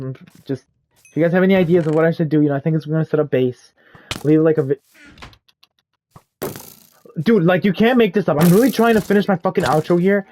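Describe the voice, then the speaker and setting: A young man on a gaming channel rambles through a self-mocking, expletive-filled storytime as he plays. His voice is on the high side and a little mellow, with slight background noise.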